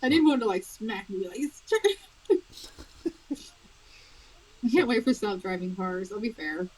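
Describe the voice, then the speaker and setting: Husky-voiced woman chatting animatedly. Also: mid-range voice, moderate pace, poor audio. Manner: chatty and animated, laughing often. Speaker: author guest. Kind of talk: casual interview chat.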